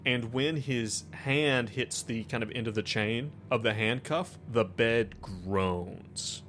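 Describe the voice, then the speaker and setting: A man's voice: mid-range voice, slow, fairly bright tone, slight background noise. A man narrating a tabletop role-playing game as game master, describing the scene loosely with many fillers.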